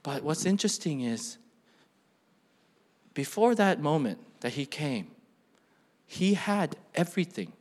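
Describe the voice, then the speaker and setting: A middle-aged man delivering a sermon in a notably high voice. He preaches with energy, pushing up on questions and dropping low to drive points home. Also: takes it slowly, pauses often. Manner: animated preaching, rising questions, drops to quiet emphasis. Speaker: pastor.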